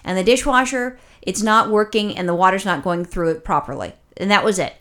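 Woman co-host, casual chat. Profane, exasperated storyteller, rambling and animated. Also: medium pitch. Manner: animated, rapid rambling with restarts. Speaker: podcast co-host.

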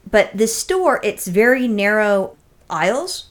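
A woman of middle pitch tells a winding story on a podcast, cursing casually and slipping into quick impressions of the people she met. Her delivery is chatty and animated, full of restarts and asides. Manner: rambling, profane, animated storytelling with acted-out quotes. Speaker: podcast co-host.

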